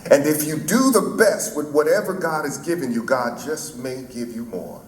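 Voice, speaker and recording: A man voicing a grave preacher speaking in a measured, oratorical way. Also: a little high, voice pushed up, lightly acted. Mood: rousing. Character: grave male preacher, solemn and rousing. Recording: echoey hall, faint ambience.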